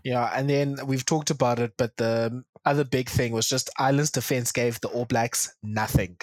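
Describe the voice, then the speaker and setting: A man's voice: medium pitch, steady tone, normal speed, dry recording. A man hosting a rugby podcast in a casual way, steering the talk and listing match statistics. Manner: steers the talk, lists stats. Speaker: podcast host.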